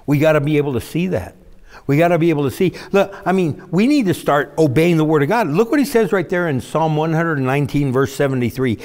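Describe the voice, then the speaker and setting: A man preaching a sermon as a pastor, in an animated, dramatic style with sudden swoops up in pitch. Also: quick pace, big-room sound.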